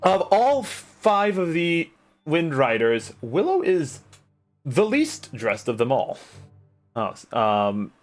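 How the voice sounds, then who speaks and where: Narrating as game master for a tabletop session, a medium-pitched man speaks in a halting way, filling pauses and restarting often.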